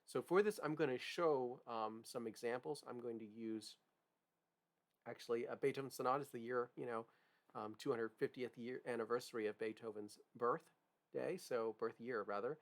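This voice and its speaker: Male music teacher, gravelly voice, mid pitch, checks in with the class a lot. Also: normal speed. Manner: explanatory, frequent "right?" and "okay?" check-ins. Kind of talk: piano lesson demonstration.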